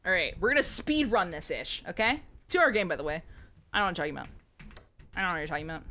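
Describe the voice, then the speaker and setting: Chatty, joking twenties woman streamer with a lively voice. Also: lowish voice, very fast. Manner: playful, jokey, chatty with viewers. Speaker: game streamer. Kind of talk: live gameplay commentary.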